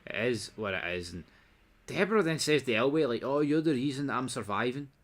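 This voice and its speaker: A man's voice: mid-range voice, animated, a little fast. A man giving a casual episode recap and review, blunt, sarcastic and sweary.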